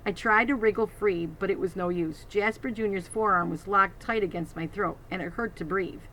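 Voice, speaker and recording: A woman's voice: medium pitch, normal speed, bright, forceful tone, slight background noise, poor audio. A woman reading a children's novel aloud, adding teacherly asides to her listeners. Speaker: reader.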